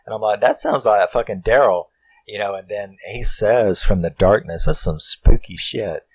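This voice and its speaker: A man with a deep, low voice talks through a horror movie's plot in a loose, rambling way. He swears freely and keeps drifting into asides where he questions himself. The sound is dry and close, with no room echo. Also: normal speed. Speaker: horror film reviewer. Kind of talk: casual film recap.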